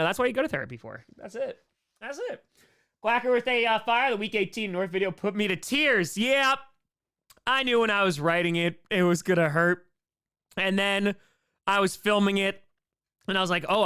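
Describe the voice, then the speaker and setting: Playful and excitable, this livestream host fields questions casually, calling out the names of donors and making small sound effects as thanks. He has a high-pitched, clear and resonant voice.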